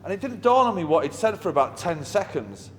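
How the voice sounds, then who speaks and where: A man's voice: high-pitched, big pitch swings, fairly quick, fairly bright tone. A middle-aged man, a musician telling anecdotes in an interview in a blunt, wry, heavily swearing manner. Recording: long reverb with faint ambient noise.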